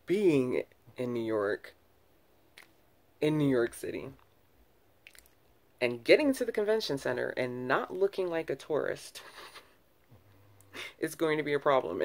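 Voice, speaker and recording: A woman's voice: sits low, sing-song, unhurried, pauses often. A woman vlogger talking to camera in a loose, candid ramble, full of restarts and self-corrections, with sighs between thoughts. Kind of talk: casual early-morning ramble to camera.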